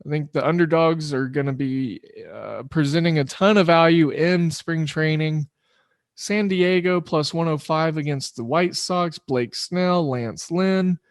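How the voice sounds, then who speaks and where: A man with a slightly higher voice runs a solo sports betting podcast, chatting loosely and poking fun at himself. His delivery rambles in a relaxed way. The recording is close and dry, with no room sound. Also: unhurried, no room sound. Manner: loose, rambling, self-deprecating. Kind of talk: casual solo podcast talk.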